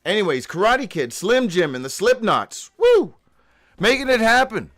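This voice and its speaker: A high-pitched man carries a daily live show alone, skipping from one odd phrase to the next with a lot of swearing. He stumbles over his own handwritten notes and now and then breaks into a loud whoop. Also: very animated, moderate pace, soft background music. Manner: profane, free-associating, with sudden whoops. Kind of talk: rambling live monologue.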